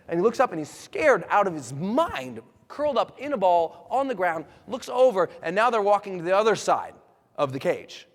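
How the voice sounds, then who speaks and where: A man's voice: high voice, animated, fairly quick. A man giving a motivational seminar talk to a live audience, telling stories with energy and strong emphasis. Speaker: motivational speaker. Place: large hall with live audience. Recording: echoey hall reverb.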